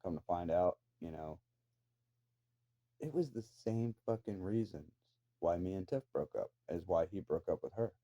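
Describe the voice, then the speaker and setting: With a deep, dark and expressive voice at normal speed, a man casually tells a rambling story from his life. He swears freely and makes incredulous asides, captured on a dull lo-fi recording.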